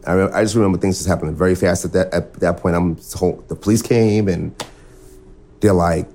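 A man telling an interviewer about a shooting he witnessed, halting and full of fillers, acting out what was said. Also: sits low, fairly even intonation, mellow. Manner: halting, filler-heavy, acts out remembered dialogue. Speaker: eyewitness interviewee. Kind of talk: recounting a shooting in a documentary interview.

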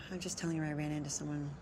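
An actress playing a concerned young woman who asks gentle, probing questions and laughs often, outdoors by a lake. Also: low-pitched. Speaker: film character. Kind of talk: naturalistic film acting. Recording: noisy outdoor film sound.

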